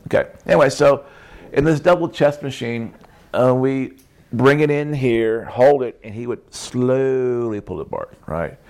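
Gravelly man preaching with stories. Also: mid-range voice, unhurried. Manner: animated storytelling, acts out quotes, laughs often. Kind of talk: sermon with personal stories.

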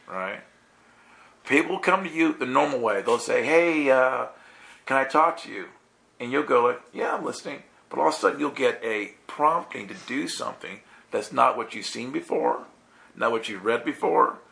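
Gravelly bright-voiced guy preaching, animated and laughing, does little voices for people. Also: medium pitch. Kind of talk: lively sermon with storytelling.

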